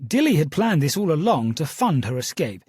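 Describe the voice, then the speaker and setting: A man plays a courteous detective in an audiobook, formal and measured, with a lively lilt and a slightly husky tone. The reading sounds close and dry. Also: fairly high pitch, no echo. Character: precise, courteous male detective.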